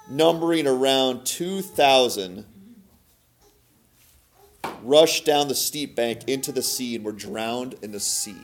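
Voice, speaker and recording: A man hosting a podcast, giving a casual Bible teaching in a conversational way, asking his listeners questions and swinging between emphatic and soft delivery. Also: medium pitch. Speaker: podcast host teaching scripture.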